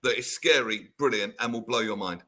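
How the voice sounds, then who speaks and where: A man's voice: fairly low pitch, brisk, bright, forceful tone. A man co-hosting a radio show, playful as he sets up a magic trick. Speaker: radio co-host. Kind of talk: casual radio banter. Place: radio studio.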